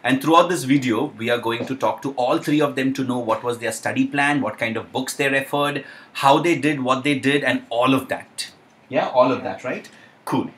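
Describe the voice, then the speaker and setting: A young man with an Indian accent hosting a casual live Q&A, chatty and excitable, with lots of uh and um. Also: mid-range voice. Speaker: live stream host.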